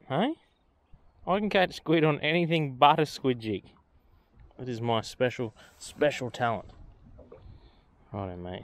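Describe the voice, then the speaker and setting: An Australian man on a boat outdoors, giving casual, chatty commentary as he fishes and talks to the fish he catches. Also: mid-range voice. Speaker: fishing vlogger.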